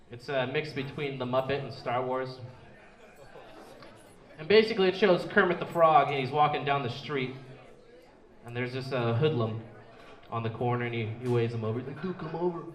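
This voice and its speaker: A man's voice: on the high side, fairly bright tone. A young man doing a stand-up comedy set in a small club, rambling and restarting his words as he goes. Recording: echoey club room.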